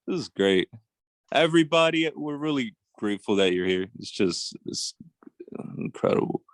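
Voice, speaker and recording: A man's voice: medium pitch, lively intonation, normal speed, dry recording. A man co-hosting a casual video-call chat, loose and laid-back, running on little sleep. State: short on sleep.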